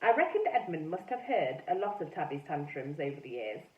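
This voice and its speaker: A woman teacher reading a storybook aloud in a lively, animated way. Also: sits low, fairly quick. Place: classroom or school room. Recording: echoey room, mic far off, dull sound.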